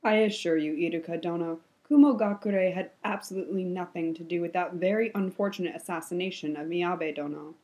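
A woman's voice: on the low side, fairly quick, few pauses, darkish tone, lightly acted. A woman voicing a purring, sweetly menacing male ruler. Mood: smooth, courteous. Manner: sweet, purring, with a cool edge. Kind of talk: audiobook-style fan fiction reading.

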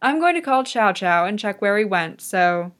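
A woman's voice: medium pitch, big pitch swings, moderate pace, a bit bright. A woman voicing a cheerful, teasing young male figure skater in a fan audiobook reading. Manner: teasing, playful.

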